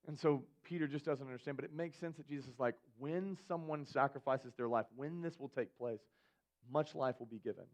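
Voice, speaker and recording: A young adult man, a youth pastor, giving a sermon in a casual, animated storytelling way. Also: on the high side, fairly quick.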